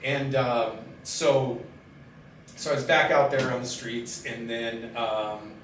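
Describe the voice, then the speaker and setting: Man, middle-aged, candid halting storytelling, mic far off, background noise. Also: mid-range voice. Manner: halting and candid, with many pauses and fillers. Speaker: guest sharing his life story. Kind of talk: personal storytelling in conversation. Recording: very echoey room, distant mic, steady background noise.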